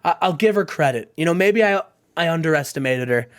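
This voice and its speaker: A man's voice: on the high side, lively intonation, a little fast, voice pushed down, close to an everyday voice. A man voicing a proud female wrestler cutting a defiant promo in a game playthrough, without much change of voice.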